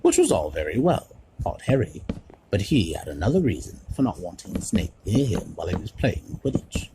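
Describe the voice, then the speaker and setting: Lively man reading a storybook aloud. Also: deep voice, moderate pace. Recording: noisy home stream recording.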